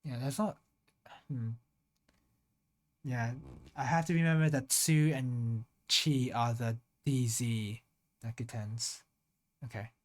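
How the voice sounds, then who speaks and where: Slow, muttering streamer sounding out words. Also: medium pitch, fairly even intonation. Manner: slowly sounding out foreign words syllable by syllable; thinking aloud, trailing off into mutters. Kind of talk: casual live-stream talk while practicing Japanese.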